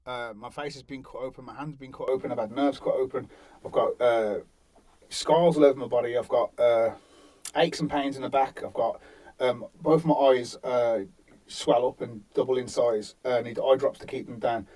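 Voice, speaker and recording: A man's voice: normal speed, dry recording. A young man, telling his life story candidly in an interview and acting out what others said. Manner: animated, acts out other people's lines in higher voices.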